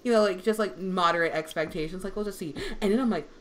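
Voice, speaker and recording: A young woman voice actor with a deep voice, chatting casually on a livestream and rambling with many fillers. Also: fast. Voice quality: deep female voice.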